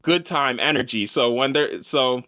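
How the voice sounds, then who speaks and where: A man hosting a casual film podcast, talking in an animated, slangy way with plenty of swearing. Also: mid-range voice, a little slow, no echo, clean studio sound. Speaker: podcast host, film reviewer. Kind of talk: casual chat.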